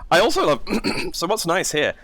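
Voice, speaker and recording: A man's voice: fairly high pitch, big pitch swings, moderate pace, fairly bright tone, no room sound. A man hosting a reaction video, talking casually and enthusiastically as he breaks down vocal technique. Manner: enthusiastic, exclaims and analyzes singing technique. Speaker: reaction channel host.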